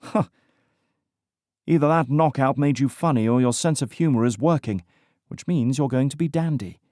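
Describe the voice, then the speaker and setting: A man's voice: medium pitch, normal speed, darkish tone, no room sound, studio quality, voice pushed up, close to an everyday voice. A man voicing a bold, teasing young woman with a British accent in an audiobook. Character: sassy, fiercely independent young woman rescuer.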